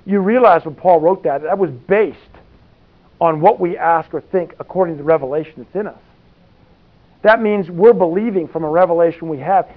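A man preaching a conversational sermon, folksy and rambling, with many asides. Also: a little high. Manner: folksy, rambling asides with frequent "you know". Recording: tinny phone-like sound.

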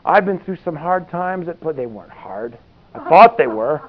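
Man, preacher, conversational sermon, folksy asides, higher voice, tinny lo-fi line. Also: expressive, moderate pace. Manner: folksy, rambling asides with frequent "you know". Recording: tinny phone-like sound.

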